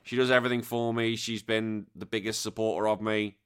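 A middle-aged English man hosting a podcast, reading out listener messages in casual chat and bursting into loud sworn exclamations. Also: lowish voice, a little fast, clean tone. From England. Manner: animated, swears freely, bursts into loud exclamations. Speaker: podcast host.

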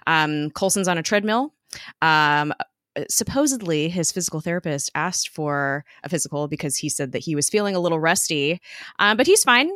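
A woman's voice: low-pitched, animated, normal speed, a bit bright, no echo, studio quality. A woman co-hosting a podcast, casually recapping a TV episode, chatty with lots of fillers and laughs. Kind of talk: casual chat.

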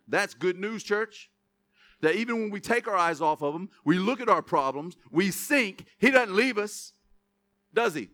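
High, bright-voiced preacher joking with his church. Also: a little slow. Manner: lively, joking asides to the congregation. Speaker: pastor. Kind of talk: sermon.

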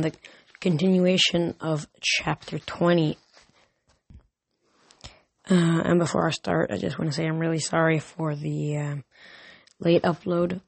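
A man's voice: a little high, vocal fry, no room sound. A man reading a novel aloud casually, with small slips and restarts. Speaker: audiobook reader. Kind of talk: amateur audiobook reading.

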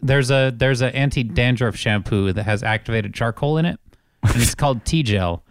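A man's voice: mid-range voice, moderate pace, clean tone. Teasing man joking around. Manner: teasing, jokey, makes up silly facts. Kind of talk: casual chat.

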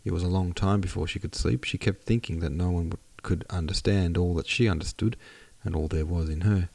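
A man reads a classic novel aloud at a steady, measured pace. His voice is low and gravelly. The close mic leaves no room sound. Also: no room sound. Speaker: audiobook narrator, podcast host. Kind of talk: scripted narration of a classic novel.

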